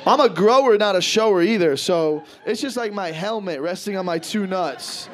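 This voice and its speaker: A man in his thirties doing a stand-up comedy set, telling stories with animated, loud acted-out quotes. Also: high-pitched, moderate pace. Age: 30s. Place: comedy stage before a live audience. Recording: live show with crowd laughter.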